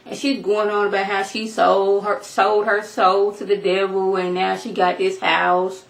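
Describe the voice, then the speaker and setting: An animated woman recaps a TV episode in a casual, chatty way, often slipping into character voices. Her pitch sits in a middle range, and the room gives her voice a noticeable echo. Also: measured pace, vocal fry, few pauses. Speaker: TV episode reviewer.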